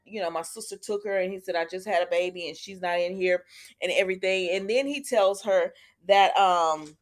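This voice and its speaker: A woman's voice: fairly low pitch, normal speed. A woman chatting casually to her viewers as she recaps a soap episode, retelling scenes and calling them y'all. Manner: retells scenes, quoting characters. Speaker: soap opera reviewer.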